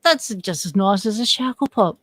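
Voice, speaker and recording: A woman's voice: medium pitch, lively intonation, normal speed, no room sound, poor audio. A woman co-hosting a casual livestream, chatty and teasing as she greets viewers by name. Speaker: livestream co-host.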